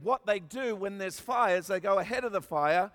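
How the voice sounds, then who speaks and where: An Australian man delivers a sermon in a strikingly high voice. He drops to quiet asides, then rises to shouted, emphatic peaks. A long hall reverb trails every phrase. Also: normal speed. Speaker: preacher.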